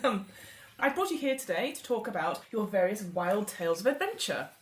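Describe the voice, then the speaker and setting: A woman's voice: medium pitch, sing-song, brisk, echoey room, a little hiss or hum, lightly acted. A woman game master playing a pompous, jolly male earl who hosts a club party, giggling and fussing over his guests.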